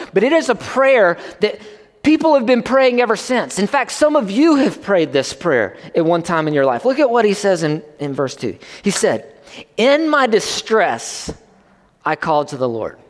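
Conversational preacher with a higher voice in a reverberant hall. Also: male voice, sing-song, normal speed. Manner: conversational preaching, rising in pitch for emphasis. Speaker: pastor. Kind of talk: sermon.

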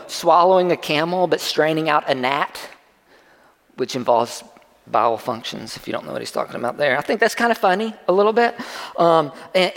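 A man's voice: high voice, long reverb tail. A man preaching a sermon in a loose, conversational way, joking and acting out the voices of listeners. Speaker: pastor.

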